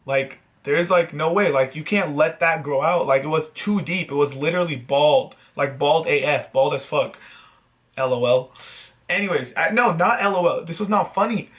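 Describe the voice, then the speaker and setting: Animated man telling a story. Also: fairly high pitch, normal speed. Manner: animated, self-mocking, swears freely. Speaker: vlogger host. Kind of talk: casual storytelling to camera.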